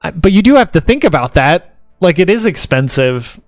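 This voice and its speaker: Talking to camera at normal speed, this tattoo apprentice from the American South reads out points from an article, then rambles and jokes about each one. His high voice is very animated, captured at studio quality with no room sound and soft music playing underneath.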